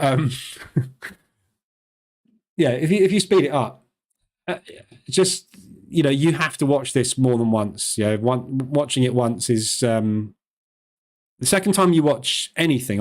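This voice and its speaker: Fast-talking man hosting a live stream. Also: mid-range voice, darkish tone. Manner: fast-talking, chatty and loose, with many fillers. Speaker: live-stream trading host.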